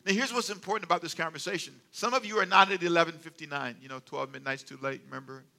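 An older man delivers a sermon with a high, bright voice that cuts through. He is animated and humorous, telling stories and dropping suddenly to quiet asides. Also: fast, vocal fry. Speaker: pastor.

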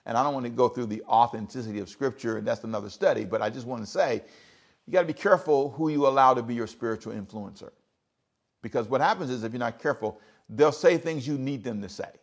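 A man's voice: medium pitch, quick pace, creaky. Emphatic man preaching a sermon. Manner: emphatic preaching with repetitions and rising outbursts. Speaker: pastor.

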